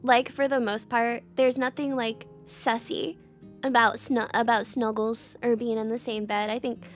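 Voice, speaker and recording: A woman from the American South with a mild Southern accent, chatting casually as a streamer, animated, laughing often and restarting her sentences. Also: on the high side, moderate pace, faint music behind. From Southern United States. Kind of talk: casual chat.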